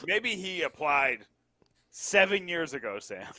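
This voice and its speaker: A man's voice: on the high side, a little slow, dry recording. A man who edits a sports site, chatting casually as a guest on a podcast, joking and drifting into asides. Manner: animated, jokey, trails off into asides.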